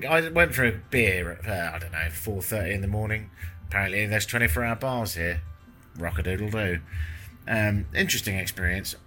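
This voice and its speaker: Jet-lagged British man, bright voice. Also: fairly low pitch, lively intonation, brisk, soft background music. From Britain. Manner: wry, self-deprecating, sweary. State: jet-lagged, up all night. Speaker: travel vlogger. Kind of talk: casual travel vlog monologue. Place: hotel room with windows closed.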